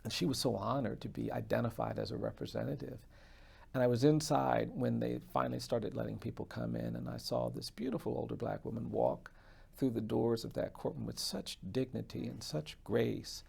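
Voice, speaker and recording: A man, a defense attorney, telling a story in an interview in an earnest, measured way. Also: medium pitch, expressive, vocal fry, darkish tone, slightly rough.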